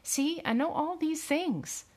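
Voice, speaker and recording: A woman's voice: lowish voice, normal speed, creaky. A woman voicing a young male farmhand who pleads in plain, earnest words. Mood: desperate pleading.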